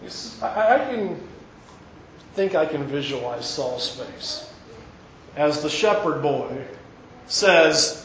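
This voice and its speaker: High-voiced preacher telling a story. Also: male voice, slow pace, long pauses, echoey room, lo-fi sound, slight background noise. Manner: animated retelling, acting out quoted characters. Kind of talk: sermon storytelling.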